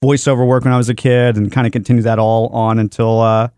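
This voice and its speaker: Casting: easygoing man from Dallas, mid-pitched, self-mocking studio owner on a dry studio mic. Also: flat delivery, fast, mellow, clear, resonant tone, no echo. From Dallas, Texas. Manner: easygoing, self-deprecating jokes. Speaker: studio owner and podcast guest. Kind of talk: casual podcast interview. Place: podcast studio.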